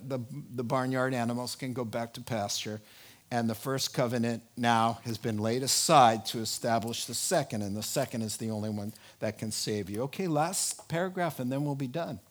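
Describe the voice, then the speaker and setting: A male preacher giving a sermon, telling stories lively and with animated asides. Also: mid-range voice, normal speed.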